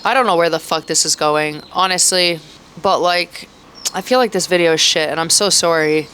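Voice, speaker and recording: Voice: medium pitch, normal speed, pushed and bright, clean tone. A thirty-year-old vlogger talking in a rambling, emotional way, full of swearing and fillers. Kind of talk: emotional personal vlog. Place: outdoors in Mexico, birds audible.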